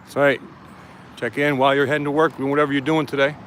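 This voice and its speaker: A man's voice: medium pitch, level tone, fast talker, a bit bright, slight background noise. Chatty man live-streaming outdoors. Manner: chatty, greeting viewers by name as he walks. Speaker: live-streaming first amendment auditor. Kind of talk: casual live-stream chat. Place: outdoors by a police station.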